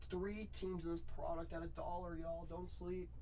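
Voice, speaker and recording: A man's voice: sits high, level tone, normal speed, few pauses, warm tone, slight background noise. A man hosting a live card break, hyping sales in a chatty, repetitive way and saying y'all a lot. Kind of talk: live-stream sales hype.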